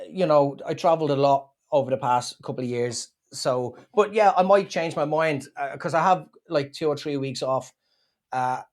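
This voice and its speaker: A man with an Irish accent, a comedian chatting in an interview and telling rambling, animated stories. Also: on the high side. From Ireland. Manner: rambling, animated storytelling with acted-out quotes. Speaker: comedian guest. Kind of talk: casual interview chat.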